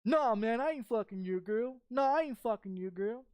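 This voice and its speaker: A man's voice: very high-pitched, animated, normal speed, a little mellow, smooth, no room sound, studio quality. A man imitating a flustered stammering guy. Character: nervous young man caught with another's girlfriend.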